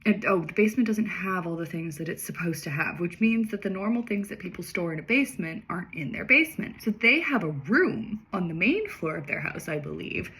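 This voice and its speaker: A woman reads a story aloud for comedy, breaking off with dry, amused, sarcastic asides. Her voice is bright and swoops widely, though it sits a little low. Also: lively intonation, fairly quick, hardly any pauses. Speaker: reader and commentator.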